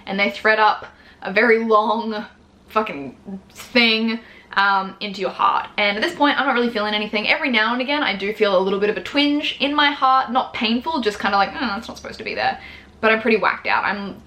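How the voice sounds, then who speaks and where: A woman's voice: a little high, fairly quick, bright, forceful tone. A woman in her twenties telling a personal story to camera in a frank, chatty way, swearing freely and acting out what people said. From Australia. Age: 20s. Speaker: vlogger.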